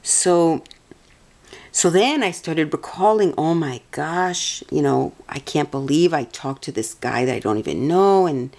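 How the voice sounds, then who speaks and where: A woman's voice: low-pitched, animated, unhurried, a little mellow. A woman telling a personal story in a casual, meandering way, often restarting her sentences. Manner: meandering, chatty, many restarts. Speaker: vlogger.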